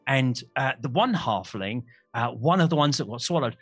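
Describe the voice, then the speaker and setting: A man's voice: mid-range voice, lively intonation, moderate pace, fairly bright tone, slightly rough, dry recording. A man narrating a tabletop game as game master, rambling and self-mocking, tripping over his words. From Australia.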